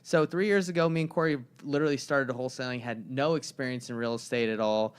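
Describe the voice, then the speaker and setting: A young man co-hosting a casual podcast conversation. His voice sits at an ordinary middle pitch. He rambles through stories and slips into the voices of the people he describes. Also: fairly even intonation, fast talker, clear, resonant tone. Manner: rambling storyteller who acts out the people in his anecdotes. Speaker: podcast co-host.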